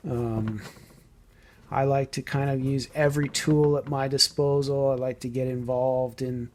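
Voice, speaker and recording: A man casually explaining a painting technique as he works, thinking aloud and sometimes trailing off softly. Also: medium pitch, slight background noise. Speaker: model painting tutor. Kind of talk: casual hands-on painting tutorial.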